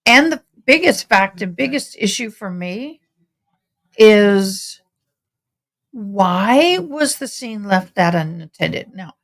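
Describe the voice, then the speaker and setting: A woman's voice: medium pitch, lively intonation, slow pace, a bit bright. Woman, tired, rambling casual chat, livestream host at home. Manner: chatty, rambling, talks to viewers as y'all. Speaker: livestream host commenting on a trial.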